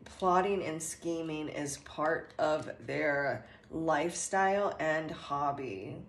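A woman giving a channeled tarot reading in a slow, earnest way, meandering with many fillers and restarts. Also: low voice, a little hiss or hum. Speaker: tarot reader. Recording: echoey room with faint ambience.

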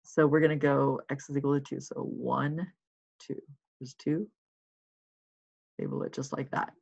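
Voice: mid-range voice, steady tone, measured pace, gravelly, a little mellow, husky. A math teacher casually talking through worked problems in a recorded lesson, thinking aloud while writing and checking in with listeners. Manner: encouraging and reassuring. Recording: slightly muffled lo-fi recording.

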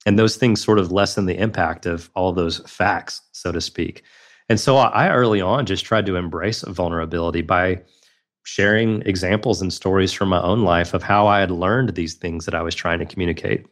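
A man's voice: sits low, moderate pace. A man in his thirties, a podcast guest telling a personal story in an earnest, reflective way.

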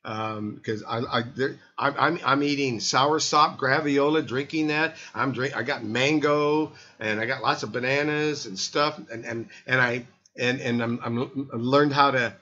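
An older man talks casually as host of a health program. He rambles, stumbles over his words and fills gaps with fillers. His voice sits at a middling pitch, and the audio is muffled and lo-fi. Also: unhurried, pushed and bright. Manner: rambling, many restarts and fillers. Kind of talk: casual radio talk.

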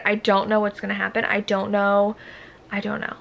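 A young woman chatting in a casual reading vlog, excitable and anxious, close to tears. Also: mid-range voice, normal speed, gravelly. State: teary, close to crying. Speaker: book vlogger.

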